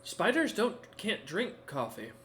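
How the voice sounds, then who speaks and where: A man's voice: a little high, animated, normal speed, fairly bright tone, roomy sound, a little hiss or hum, voice pushed up. A man voicing a flustered male companion who claims to know every language, nervous and blurting out questions. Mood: puzzled.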